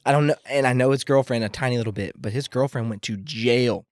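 A man's voice: mid-range voice, quick pace, no room sound, clean studio sound. Blunt, swearing podcast host man. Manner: blunt, profane storytelling. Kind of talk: casual chat.

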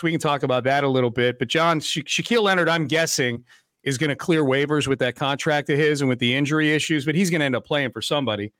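A man's voice: a little high, fairly bright tone, no room sound. Chatty sports podcast host, a man. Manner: chatty, playfully needling his co-host. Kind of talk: casual sports talk.

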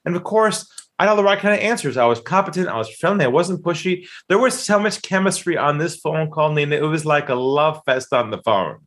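A man's voice: a little high, animated, brisk, hardly any pauses, a bit bright. A man telling a dramatic story about a sales call, acting out the quoted voices with emphatic delivery. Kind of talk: animated storytelling.

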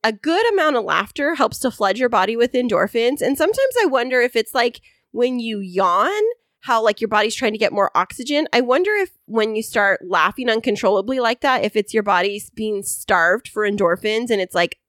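A woman's voice: a little high, expressive, a little fast, a bit bright, no echo, clean studio sound. A woman co-hosting a podcast, chatting casually with teasing, mock-annoyed banter. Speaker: podcast co-host.

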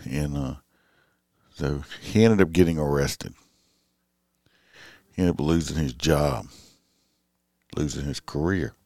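A man's voice: a bass voice, takes it slowly, pauses often, darkish tone, no echo, studio quality. A middle-aged man, a police officer talking in a casual, rambling late-night monologue full of fillers and restarts.

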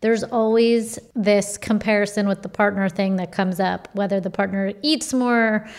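A woman's voice: mid-range voice, fairly even intonation, normal speed. A woman hosting a podcast, affirming her guest and asking follow-up questions in casual chat. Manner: warm, affirming interviewer. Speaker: podcast host.

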